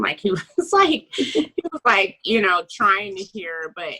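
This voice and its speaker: Casual chatty woman talking books, bright ringing tone, lively and a bit sassy. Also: medium pitch, rough recording. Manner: animated, swearing, quick asides. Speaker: book club co-host. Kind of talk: casual book chat.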